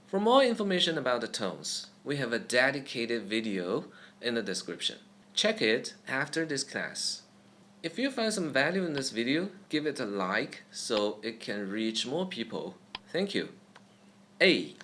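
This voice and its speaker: A young man talks slowly and carefully through a beginner lesson. His voice climbs and drops widely as he acts out each tone, and his delivery has a patient, teacherly feel. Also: sing-song, a bit bright, slight background noise. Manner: demonstrates tones with sweeping pitch changes. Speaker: Chinese language teacher. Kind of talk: online pronunciation lesson.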